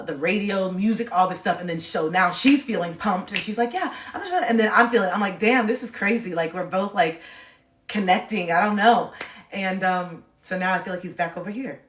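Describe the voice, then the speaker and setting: A woman with a lowish voice chats loosely with her livestream viewers, wandering from thought to thought. Her words come thick with fillers and open confessions. The sound is roomy and slightly distant, picked up off-mic. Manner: rambling, frequent "like" fillers, open and confiding. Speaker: livestream host. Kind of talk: casual livestream chat. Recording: echoey room, voice a bit off-mic.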